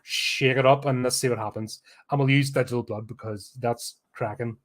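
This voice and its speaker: A man's voice: mid-range voice, fairly even intonation, normal speed, natural voice. A man mocking a flippant careless filmmaker. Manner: flippant, offhand.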